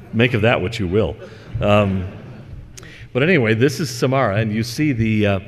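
A man's voice: on the low side, moderate pace. A man giving a religious lecture to an audience in a hall, reading scripture and chatting through digressions with fillers. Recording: long hall reverb.

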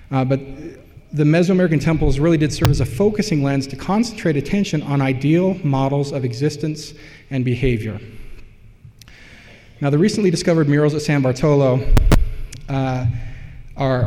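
Male lecturer, mellow tone, conversational academic delivery, long hall reverb. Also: medium pitch. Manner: explanatory, loosely conversational with asides.

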